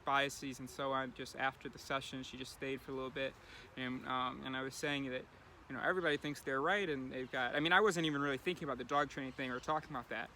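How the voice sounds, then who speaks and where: Male vlogger, casual musing delivery, bright tone, light street noise. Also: mid-range voice, fairly even intonation, fast talker. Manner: rambling, thinking aloud with many fillers. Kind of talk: casual daily video diary.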